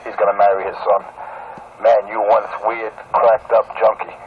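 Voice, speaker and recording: Low-voiced taunting man over tinny radio. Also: flat delivery, moderate pace. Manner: taunting, calls the other man 'brother' over and over. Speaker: CB radio caller. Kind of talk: trash-talking radio banter. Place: CB radio channel. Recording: tinny radio transmission with crowd noise.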